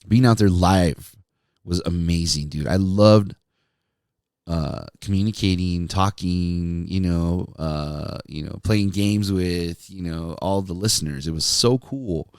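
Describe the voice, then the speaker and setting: Taking it slowly, this man speaks in a low, darkish tone on a dry, clean studio recording. He's a podcast host and ex-radio DJ telling laid-back stories, with frequent laughter and plenty of "dude" and "man."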